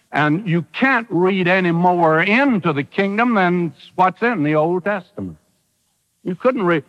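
Lively, high-pitched old-time radio preacher. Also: male voice, in a large hall, highs cut off. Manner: folksy, emphatic preaching with dramatic quoted voices. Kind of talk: radio sermon.

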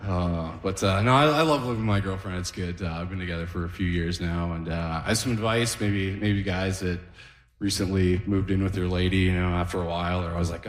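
In a roomy, reverberant space, a man in his thirties works through a rambling, self-deprecating stand-up set. His voice is low and his pace moderate, and he often chuckles at his own jokes.

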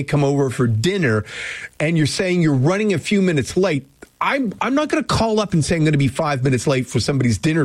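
A man's voice: fairly high pitch, dry recording. A man hosting a casual radio show, wandering from one thought to the next with a joking, self-interrupting delivery. His voice is close and dry, with no room sound, like a studio booth. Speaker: radio host. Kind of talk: casual morning radio chat. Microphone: studio microphone.

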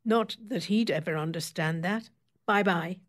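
A woman in her fifties reading aloud, voicing a sharp-tongued female beautician who speaks with pointed, tart politeness. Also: lowish voice, a little slow. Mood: tartly polite. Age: 50s.

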